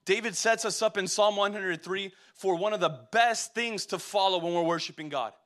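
Man, young adult, preacher, sermon, high voice, exhorting, call-and-response. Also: normal speed, a bit bright. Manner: exhorting, addresses the church directly with call-and-response questions.

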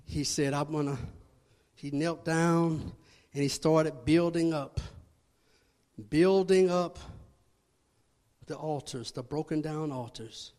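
A man, a church elder, preaching a sermon with fervent, dramatic swings in loudness. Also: fairly high pitch, slow pace, long pauses. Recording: long reverb of a large hall.

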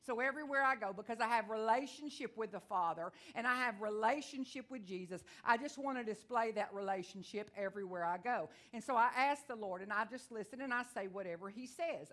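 A woman's voice: on the high side, fairly bright tone. Fervent Texan woman preaching. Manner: fervent, folksy storytelling with calls of amen. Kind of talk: sermon. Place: church service before a congregation.

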